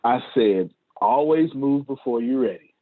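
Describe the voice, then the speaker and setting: Unhurried and lively in intonation, this medium-pitched man leads a motivational staff meeting over video call. He preaches, circles back to the same points, and laughs frequently, all through thin, phone-like audio.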